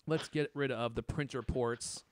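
A man's voice: mid-range voice, fairly even intonation, measured pace, no room sound, studio quality. A man in his thirties co-hosting a casual tech chat, joking and laughing often. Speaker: podcast co-host.

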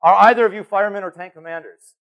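A man giving a conference keynote on stage, animated and playful as he calls volunteers up from the audience. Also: high voice, fast, dull audio. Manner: animated, calling to the crowd, playful. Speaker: keynote speaker.

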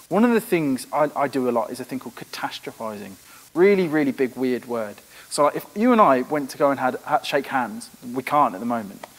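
A man giving a frank, earnest church talk in conversation with a host. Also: medium pitch. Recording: echoey room with long reverb.

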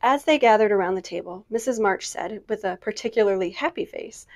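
Woman librarian, storytime narrator, expressive and measured. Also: mid-range voice. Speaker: librarian reading aloud. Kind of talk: storytime book reading.

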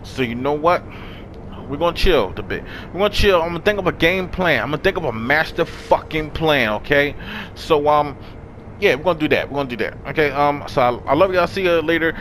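A young man streaming a video game, shouting, cursing and shrieking in frantic play-by-play, then winding down in a tired sign-off. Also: animated, fairly quick, a little hiss or hum. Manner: yelling, cursing, high-pitched shrieks when panicked. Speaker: gaming streamer. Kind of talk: frantic gameplay commentary.

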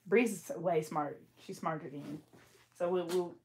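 A woman's voice: lowish voice, measured pace. Playful young woman teasing while braiding. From Bay Area, California. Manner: playful teasing banter, slangy. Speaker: braider and channel host. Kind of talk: casual chat while braiding.

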